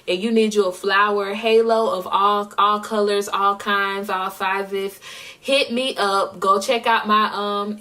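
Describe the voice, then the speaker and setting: A woman chats through a vlog recap at an ordinary pitch. Her story rambles along with plenty of fillers and friendly shout-outs. Her voice sounds slightly distant from the microphone. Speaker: singer recapping her year. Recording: voice a bit distant from the mic.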